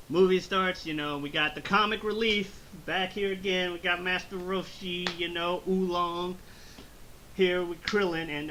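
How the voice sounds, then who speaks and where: A man hosting a casual movie review chat, recapping scenes in an animated way with silly voices. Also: high-pitched, normal speed, slight background noise, rough recording. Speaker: movie review podcast host.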